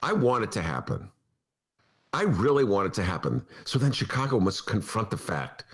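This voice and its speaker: Male studio host, mocking and sarcastic; very animated, sweeping intonation. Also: fairly low pitch, moderate pace, breathy edge. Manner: sarcastic, mocking, does voices of politicians. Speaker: podcast host. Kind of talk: opinionated political talk. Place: radio studio.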